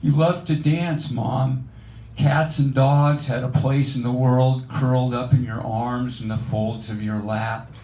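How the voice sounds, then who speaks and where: A man reading his own poetry aloud in a measured, reflective recitation at a cafe open mic. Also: medium pitch, darkish tone. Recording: echoey cafe room.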